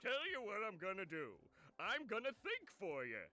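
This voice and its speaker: Sly little game villain, high bright voice swooping all over. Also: male voice, huge pitch swings, moderate pace, crowd noise. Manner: sly, condescending. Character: scheming tiny male plankton villain, smug.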